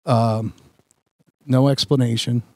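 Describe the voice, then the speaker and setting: A man on a podcast, telling a long story in a rambling, animated way with many restarts. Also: mid-range voice, slow pace, no echo, clean studio sound. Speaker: podcast host. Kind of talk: casual storytelling chat.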